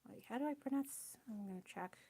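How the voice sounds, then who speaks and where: A woman's voice: on the high side, fast talker, creaky, dark tone. Tired young woman rambling on stream. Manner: rambling, scattered, self-deprecating, laughs often. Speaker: artist live-streamer. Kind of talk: casual live-stream chat while painting.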